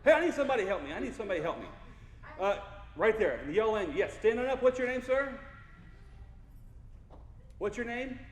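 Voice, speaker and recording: Goofy, lively man in an echoey hall. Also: sits high, quick pace, pauses often, slight background noise. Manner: goofy, playful, engages the crowd. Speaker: keynote speaker. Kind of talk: motivational keynote speech. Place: large hall with audience.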